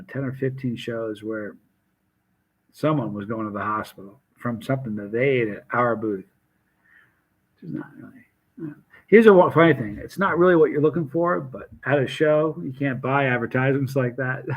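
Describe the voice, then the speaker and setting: A man hosting a casual live stream, telling animated stories with restarts and acted quotes. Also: mid-range voice. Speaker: hot sauce seller and channel host.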